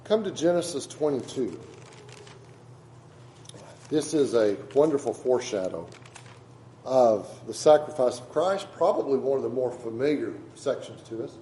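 A man's voice: medium pitch, lively intonation, moderate pace, pauses often, dark tone, echoey room, a little hiss or hum, rough recording. A man preaching a sermon to a congregation in a conversational way, often asking them questions. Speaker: pastor.

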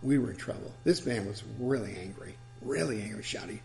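A man's voice: lowish voice, expressive, a little fast, gravelly, darkish tone, a little hiss or hum. A man preacher delivering a sermon, telling stories with chuckles and asides.

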